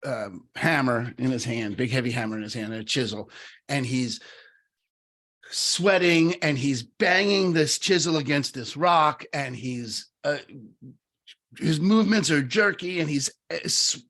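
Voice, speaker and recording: A middle-aged man co-hosting a podcast, talking casually and telling a story, animated, with many fillers and restarts. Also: medium pitch, a little slow. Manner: animated, lots of fillers and restarts, acts out quoted voices. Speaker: podcast co-host.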